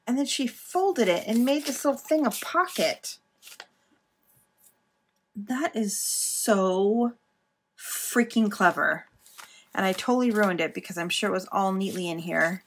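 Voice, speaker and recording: A woman's voice: mid-range voice, moderate pace, a little hiss or hum. A woman vlogger gushing and giggling as she chats through a mail unboxing. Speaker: planner and journal vlogger. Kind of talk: casual unboxing chat.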